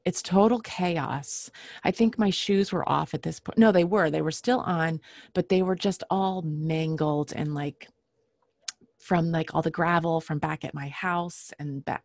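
A woman telling a personal story casually, halting often with fillers and restarts and clearing her throat now and then. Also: low voice, a little mellow, no echo.

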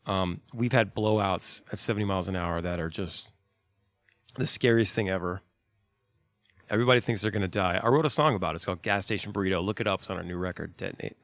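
A man's voice: low voice, fast talker, fairly bright tone, no room sound, clean studio sound. A man in his thirties, a touring musician, giving laid-back, profane, rambling advice in casual talk.

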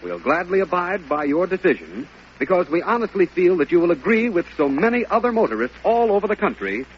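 A man's voice: sits high, big pitch swings, a little fast, dull audio, slight background noise. A man reading a folksy, friendly sponsor commercial on an old radio broadcast. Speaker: sponsor announcer.

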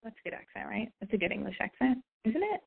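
A woman's voice: fairly high pitch, very animated, quick pace, vocal fry, slightly rough. American woman, podcast host, casual blunt advice, swears freely, lo-fi phone-line audio. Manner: chatty, blunt, swears freely, acts out dialogue.

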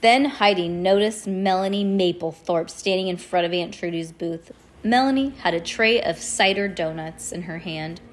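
A woman reading a children's chapter book aloud at home, casual, pausing to chat and correct herself. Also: on the low side. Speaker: reader.

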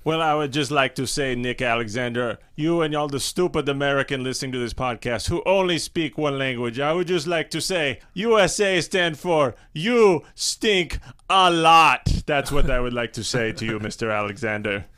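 A man's voice: mid-range voice, fairly bright tone, smooth, lightly acted. Man putting on a sneering villain wrestler. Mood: taunting. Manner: slow, mocking, drawn-out. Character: hostile foreign male heel wrestler taunting Americans.

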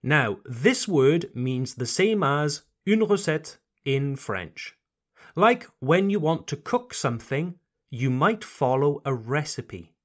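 A man teaching English pronunciation on a podcast, speaking slowly and carefully over-articulating words, with short French phrases mixed in. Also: fairly high pitch, very animated.

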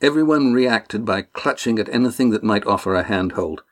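A man narrating a novel as an audiobook, steady and measured. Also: fairly low pitch. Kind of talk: scripted narration.

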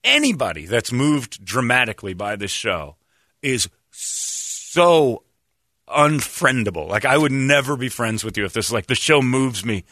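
A man's voice: medium pitch, big pitch swings, a little slow, pushed and bright, no echo, studio quality. A man, a show host, delivering a sarcastic comedic rant and mockingly mimicking other people in exaggerated voices.

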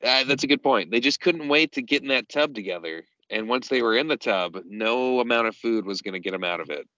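A man co-hosting a podcast, recapping a show in casual chat with dry, deadpan humor. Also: mid-range voice, a little fast, dry recording, lo-fi sound. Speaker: podcast co-host. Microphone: podcast microphone.

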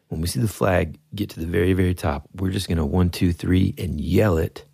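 A low-voiced man with a gravelly, husky edge tells a story in relaxed conversation. He laughs often and acts out yelled lines. The sound is dry and close. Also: a little fast, no room sound. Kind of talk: casual storytelling chat.

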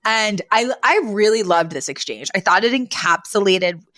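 A woman's voice: mid-range voice, animated, moderate pace, fairly bright tone. A woman co-hosting a podcast in casual chat, laughing often as she retells scenes and acts out the characters' lines. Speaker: podcast co-host.

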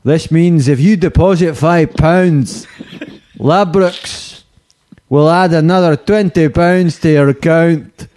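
A man putting on a hammy Liverpool voice reads an ad in a sing-song, stretched-out lilt. The pitch sits well above an ordinary speaking voice, and each phrase is drawn out slowly. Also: a little mellow. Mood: mock salesy. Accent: Liverpool (put on). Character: exaggerated Scouse man reading an ad. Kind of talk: mock ad read.

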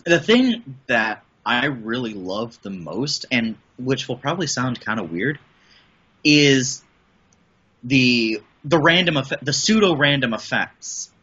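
Middle-aged man, from the Midwest, bright husky voice, rambling with restarts, dull lo-fi audio. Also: mid-range voice, sing-song, takes it slowly. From American Midwest. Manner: rambling, frequent restarts, enthusiastic. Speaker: podcast guest, voice and audio producer. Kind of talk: casual interview chat.

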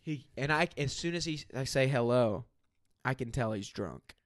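A man's voice: mid-range voice, expressive, moderate pace, no echo, clean studio sound. Casual young man telling a story. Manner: casual and emphatic, with many "like" fillers.

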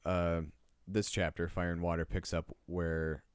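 Very low-voiced young man, joking. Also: level tone, a little slow, clear, resonant tone, no echo, clean studio sound. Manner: rambling, jokey, self-deprecating. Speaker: podcast co-host. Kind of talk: casual book chat.

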